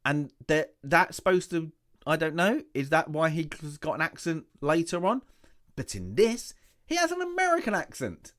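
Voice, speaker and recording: A man's voice: a little high, animated, a little slow, a bit bright. A man hosting a casual review, rambling and chatty, full of rhetorical questions and asides, his voice still recovering from loss. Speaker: host.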